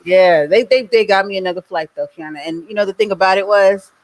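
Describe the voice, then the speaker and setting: A middle-aged woman is hosting a relaxed podcast chat, telling a personal story and breaking into laughter often. Her voice sits at a middle pitch, easygoing and conversational. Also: fast talker, poor audio. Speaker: podcast host.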